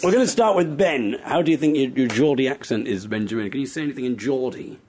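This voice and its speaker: A man's voice: medium pitch, fast, a little hiss or hum. A man with a Teesside accent hosting a podcast and bantering with guests in a hotel bedroom. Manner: jokey, teasing, lively banter. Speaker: podcast host. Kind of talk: casual chat.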